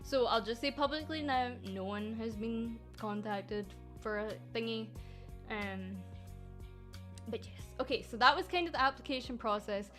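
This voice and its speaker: A woman's voice: a little high, normal speed, sharp tone, faint music behind. A woman from Scotland who runs a VTuber agency, talking casually and sarcastically to her viewers and swearing freely. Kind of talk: casual stream chat.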